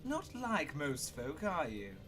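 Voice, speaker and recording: A man's voice: a little high, wildly swooping pitch, takes it slowly, music in the background, heavily acted. A man voicing a vain, cocky half-elf male mage who drawls smugly and boasts. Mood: amused.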